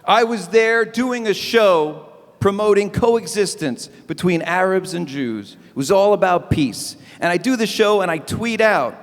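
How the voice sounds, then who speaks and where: Wisecracking comedian with a lively, high voice. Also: male voice, a little slow, big-room sound. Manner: animated, wisecracking, punchy delivery. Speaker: stand-up comedian hosting an event. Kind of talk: live stand-up comedy. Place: event stage before a live audience.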